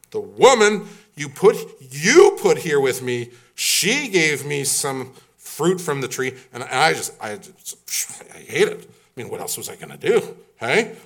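A man doing a whiny, blame-shifting first man. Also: heavily acted. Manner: whining, high-pitched and loud excuses.

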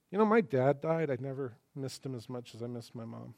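A man preaching a sermon in church in a conversational, joking way, swinging between quiet asides and emphatic lines. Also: mid-range voice, animated, fairly quick, vocal fry. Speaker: pastor.

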